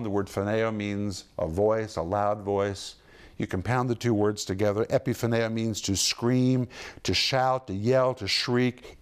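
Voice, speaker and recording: A man's voice: medium pitch, clear, resonant tone. A man teaching the Bible on television, with an emphatic, dramatic delivery that rises and drops sharply as he explains word meanings step by step.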